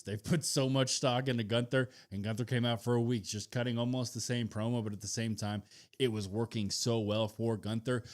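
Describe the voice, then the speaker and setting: Lower-voiced male podcast co-host. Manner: relaxed, matter-of-fact, acts out quotes. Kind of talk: casual wrestling chat.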